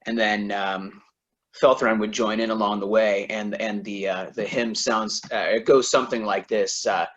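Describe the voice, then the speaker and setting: A man's voice: lowish voice, fairly even intonation, moderate pace, a bit bright, lo-fi sound. A man playing a tabletop game, describing his character's actions in a hesitant way with many fillers. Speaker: player. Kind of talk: casual in-character play narration.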